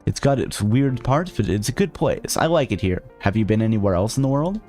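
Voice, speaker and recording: A man's voice: lowish voice, animated, a little fast, a little mellow, faint music behind. A man streaming a video game, joking and ranting sarcastically while reading the on-screen text aloud. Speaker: VTuber streamer. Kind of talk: casual let's-play commentary.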